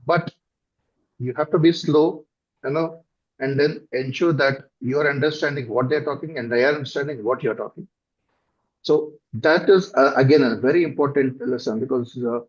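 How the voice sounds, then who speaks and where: A middle-aged man with a South Indian accent, answering interview questions as a company director in a thoughtful, halting way with many fillers. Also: medium pitch, breathy edge. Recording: dull lo-fi recording.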